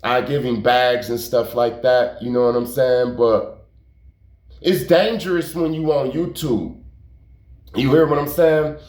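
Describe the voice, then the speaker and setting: A man's voice: medium pitch, fairly even intonation, measured pace, darkish tone. A man telling a story in a casual, rambling way, repeating himself, using slang and cursing for emphasis. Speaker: YouTube storyteller. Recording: roomy echo.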